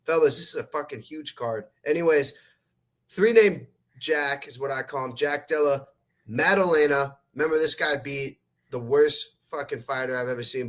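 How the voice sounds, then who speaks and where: A brash, profane man running a casual sports podcast. His voice sits at an ordinary middle pitch, and he rattles through fight picks with loud bursts and plenty of swearing. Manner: brash, profane, fast-talking. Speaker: podcast host.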